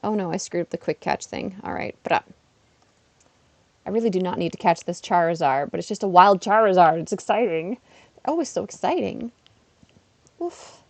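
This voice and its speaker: A woman chatting casually on a livestream while playing a game, self-deprecating and bursting into excited exclamations. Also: lowish voice, normal speed, creaky, long pauses, dry recording. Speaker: streamer. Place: her apartment.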